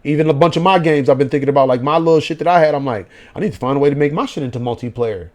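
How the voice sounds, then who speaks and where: A man's voice: on the high side, rapid-fire. A man, giving a profane late-night rant as a gaming vlogger. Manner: profane, animated ranting in slang.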